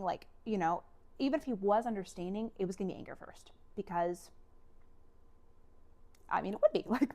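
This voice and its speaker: A woman vlogger telling a personal story, animated and emotional, with many fillers and acted-out quotes. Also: mid-range voice, moderate pace, long pauses.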